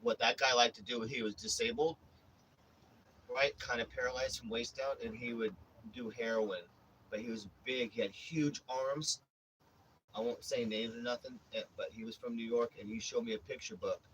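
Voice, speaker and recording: Man, casual livestream chat, rambling stories, swears a lot, middle pitch, faint background noise. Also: fairly even intonation, moderate pace, fairly bright tone, poor audio. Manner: rambling, profane, restarts often. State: says he has a headache.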